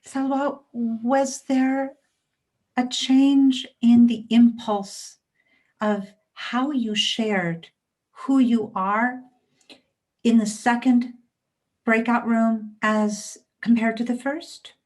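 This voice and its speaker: A woman co-hosting on a video call, asking a participant measured, probing questions. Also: on the high side, fairly even intonation, a little mellow. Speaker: co-host facilitator.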